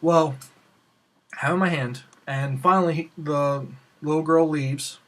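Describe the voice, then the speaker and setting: A young man hosting a casual Q&A show, telling a rambling, excitable story and acting out the lines of the people in it. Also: on the high side, a little slow. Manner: excitable, rambling, acts out quoted dialogue. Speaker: host of a Q&A show.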